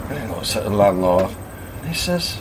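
A man's voice: lowish voice, sing-song, moderate pace, a little mellow, a little hiss or hum. A man telling a joke to family in a jovial way, stumbling and correcting himself. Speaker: joke teller.

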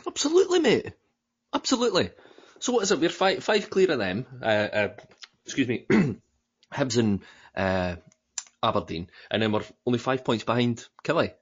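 A Scottish man co-hosting a football podcast, talking in a casual, animated way with sudden swearing outbursts. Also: medium pitch, moderate pace, slightly rough. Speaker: podcast co-host. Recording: dull lo-fi podcast audio.

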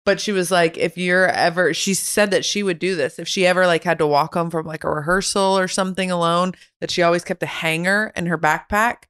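A woman co-hosting a podcast, chatting casually and reacting quickly to the others. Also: fairly low pitch, steady tone, a bit bright, clear, resonant tone. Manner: reacts with gasps and quick comments. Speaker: podcast co-host. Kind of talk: casual chat.

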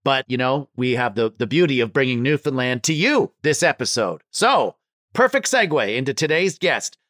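A man's voice: mid-range voice, expressive, normal speed, no room sound, studio quality. A man hosting a comedy podcast, joking and laughing often while introducing and interviewing a guest. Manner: jokey, laughs often, reads a warm intro. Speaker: podcast host. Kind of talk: casual interview chat.

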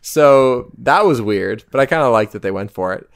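Animated, hesitant man in casual chat. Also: medium pitch, normal speed, creaky. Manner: hesitant, filler-heavy, restarts often.

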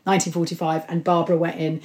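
A woman author speaking as a guest in an interview, telling history stories with enthusiasm and an animated manner. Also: fairly low pitch, very fast. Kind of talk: conversational interview.

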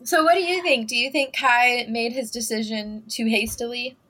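A woman hosting a casual book podcast, animated and laughing often as she recaps chapters. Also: a little high, moderate pace. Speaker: podcast host.

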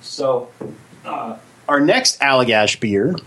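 A man's voice: medium pitch, expressive, takes it slowly, fairly bright tone. A man co-hosting a casual beer tasting stream, teasing his co-host and slipping into a mock infomercial delivery. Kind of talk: casual joking beer review chat.

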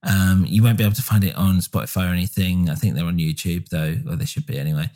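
A man's voice: deep voice, fast. A man co-hosting a podcast, chatting casually and enthusiastically with lots of fillers. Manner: relaxed, filler-heavy, enthusiastic. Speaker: podcast co-host. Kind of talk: casual chat.

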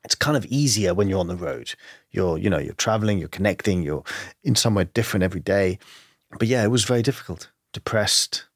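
A man's voice: fairly low pitch, lively intonation, quick pace, no room sound, clean studio sound. A man as an interview guest, speaking candidly and reflectively about hard times, with frequent laughs. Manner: reflective, earnest, laughs often.

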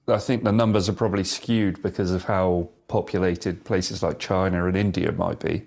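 A man co-hosting a podcast, chatting casually and telling anecdotes with relaxed slang. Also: low voice, moderate pace, creaky. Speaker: podcast co-host. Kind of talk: casual chat.

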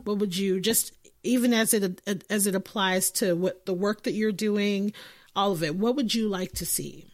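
A woman hosting a podcast in casual chat. She is animated, laughs often and swears freely. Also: medium pitch, normal speed. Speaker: podcast host interviewing guests.

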